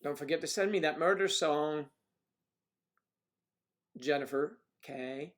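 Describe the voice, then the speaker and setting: A man's voice: on the high side, a bit bright. Musing man chatting with his stream. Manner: musing, drawn-out hums between comments. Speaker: livestream host reading chat. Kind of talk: casual livestream chat. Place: at home with TV in background.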